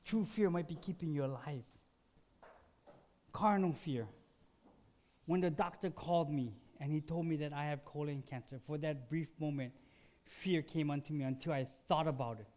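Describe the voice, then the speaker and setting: A man preaching a sermon, telling a personal story conversationally, dropping to a hush and then rising to emphatic peaks, still sore after surgery. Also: a little high, normal speed. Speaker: pastor.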